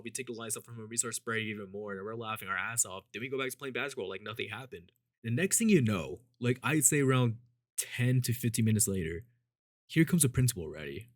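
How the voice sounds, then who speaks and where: This is a man telling a story with clean studio sound and no room echo. He talks casually and meanders, swearing frequently and dropping in "like" and "you know." Quoted characters get acted out through shifts in pitch and volume.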